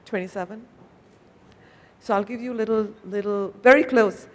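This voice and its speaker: A woman with an Indian English accent addresses a conference crowd in a chatty keynote style. She quizzes the audience and tags her points with quick questions. Her mid-pitched voice rings with a long reverb off a big hall. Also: fairly even intonation. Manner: conversational, asks the audience questions, tags "no?" and "right?". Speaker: conference speaker, company executive.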